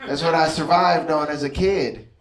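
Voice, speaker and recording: A man's voice: on the high side, steady tone, normal speed. A man in his thirties doing a stand-up comedy set, chatty and conversational, often checking in with the crowd. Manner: conversational, keeps asking the crowd "you know what I mean". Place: comedy club stage before a laughing audience. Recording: roomy live club sound from far off, crowd laughter.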